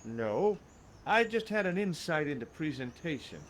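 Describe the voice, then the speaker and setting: A man's voice: fairly high pitch, big pitch swings, normal speed, a bit bright, a little hiss or hum. An actor playing a wry male adventurer who narrates his own exploits with dry sarcasm.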